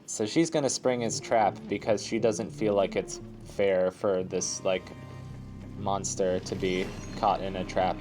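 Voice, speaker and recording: Man on a let's play: low voice, rambling, chatty asides, faint game music underneath. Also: fairly even intonation, measured pace. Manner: rambling, lots of filler words, chatty asides. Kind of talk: casual gameplay commentary.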